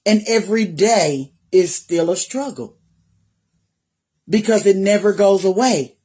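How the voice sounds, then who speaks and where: A woman's voice: mid-range voice, a little slow, dark tone. Woman giving an emphatic personal testimony. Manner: emphatic, repeats phrases for weight; talks directly to viewers. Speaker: vlogger.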